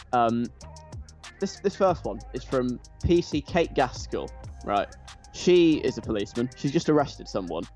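A man chatting enthusiastically and gushing about a show he loves, restarting his sentences often. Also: medium pitch. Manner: animated, gushing, with frequent restarts. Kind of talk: casual enthusiastic chat.

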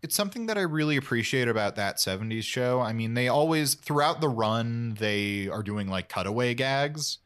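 A man's voice: medium pitch, expressive, moderate pace, hardly any pauses, a bit bright, clean tone. A man chatting casually as a podcast host, enthusiastic and rambling with many fillers. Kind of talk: casual chat.

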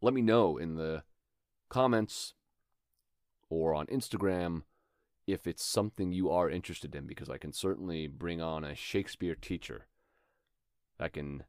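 A man's voice: very deep voice, moderate pace, long pauses, darkish tone, no room sound, studio quality. A young adult man hosting a show and explaining acting craft in an earnest, instructional way, tapping out rhythms as examples. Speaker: acting teacher and podcast host. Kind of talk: instructional talk.

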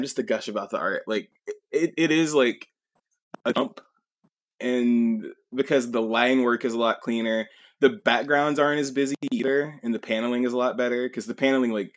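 A man talking casually with a co-host, voice sitting in an ordinary middle pitch. He rambles, leans on fillers and breaks into laughter often. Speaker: podcast co-host. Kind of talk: casual chat about manga.

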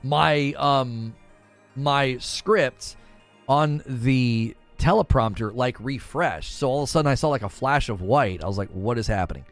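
A man's voice: medium pitch, measured pace, soft background music. A young adult man hosting a gaming news show, talking casually and animatedly on a livestream and answering chat.

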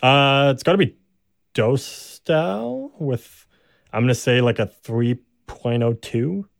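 A young man co-hosting a sports podcast in casual chat, relaxed and halting with many fillers and restarts. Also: mid-range voice, gravelly, no room sound, clean studio sound.

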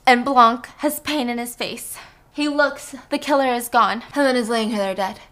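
Animated bright woman recapping a movie. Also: a little high, normal speed. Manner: animated storytelling. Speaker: podcast host.

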